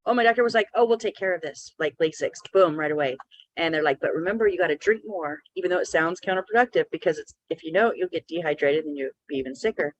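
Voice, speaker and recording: A woman's voice: fairly low pitch, fast talker, no room sound, dull audio. A woman in casual podcast chat, talking chattily, laughing easily and retelling conversations. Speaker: co-host.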